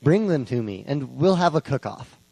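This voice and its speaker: A man's voice: mid-range voice, lively intonation, moderate pace, gravelly, warm tone, breathy edge, no room sound, voice pushed down, rough recording. A man voicing a blunt, confrontational male prophet in his own voice, with plain modern phrasing and stumbling restarts. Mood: challenging.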